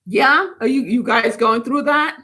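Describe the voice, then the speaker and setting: A woman with a fairly high voice, talking in a loose, rambling way on a spiritual livestream. She chats casually with viewers and reacts to their comments as they come in. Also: measured pace, bright, forceful tone. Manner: rambling, chatty, reads and answers live comments. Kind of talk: casual live chat with viewers.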